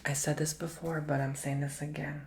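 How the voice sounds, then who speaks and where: A man giving a soft-spoken ASMR tarot reading, gently encouraging the listener and slipping often into a whisper. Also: a little high, level tone, moderate pace, a little hiss or hum. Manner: affectionate, emotional cheering on the listener. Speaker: tarot reader and ASMR host.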